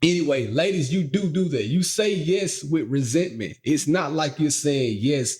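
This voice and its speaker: A man's voice: a little high, moderate pace. A man co-hosting a podcast in casual chat, telling stories playfully, laughing often and speaking straight to listeners. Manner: playful, animated storytelling with frequent laughs; addresses listeners directly. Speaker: podcast co-host.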